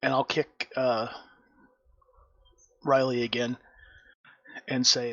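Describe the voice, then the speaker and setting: A man playing in a tabletop game, speaking his character's lines in a brisk, matter-of-fact way on a dull, lo-fi microphone. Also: mid-range voice, flat delivery, a bit bright. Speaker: player.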